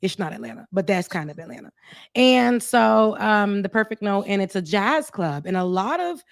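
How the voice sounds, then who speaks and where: A woman's voice: mid-range voice, expressive, normal speed, gravelly, dry recording, studio quality. A woman co-host telling stories in casual chat, with laughs and quoted voices. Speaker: show co-host.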